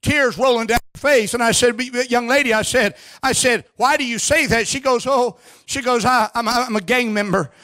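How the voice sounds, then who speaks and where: A man preaching a sermon in a church service, fervent, with shouted peaks and call-and-response. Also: very high voice, moderate pace. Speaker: pastor.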